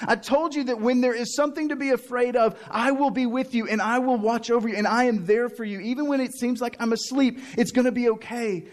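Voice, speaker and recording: A man's voice: very high-pitched, pitched above the performer's own voice. A man voicing Jesus as an exasperated teacher who scolds his followers in an incredulous rant.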